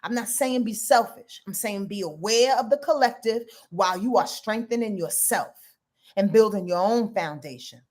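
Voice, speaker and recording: A woman astrologer giving a casual, animated forecast straight to her viewers, swearing freely, with speech. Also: medium pitch, normal speed. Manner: animated, emphatic, profane, talks to viewers directly.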